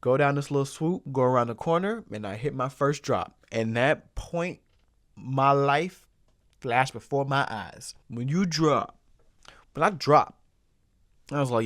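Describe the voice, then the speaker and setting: A man's voice: medium pitch, measured pace, dry recording, clean studio sound. A young man hosting his own show, telling a personal story casually and repeating phrases for comic effect. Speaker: host.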